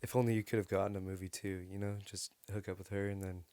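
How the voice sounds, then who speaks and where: A man's voice: sits low, level tone, fast talker, a little mellow, clean tone, no room sound. A man hosting a podcast, joking and reacting with short quips in casual chat. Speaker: podcast host.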